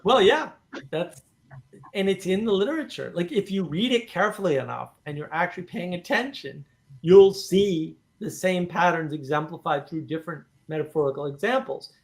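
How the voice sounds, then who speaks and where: A man hosting a casual discussion, animated and talking in bursts with many "right?" asides. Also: sits high, moderate pace, vocal fry. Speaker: host.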